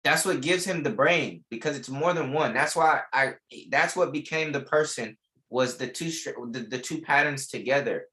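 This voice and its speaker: A man's voice: medium pitch, moderate pace, bright, forceful tone. A young man teaching a live online trading class, repeating key lines with emphasis and casual slang. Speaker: trading instructor.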